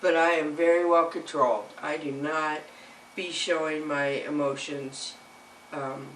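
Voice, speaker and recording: A woman's voice: low-pitched, steady tone, measured pace, fairly bright tone, distant mic, a little hiss or hum, low-quality recording. A woman reading tarot cards to camera, emotional and earnest, speaking straight to the viewer. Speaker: tarot reader.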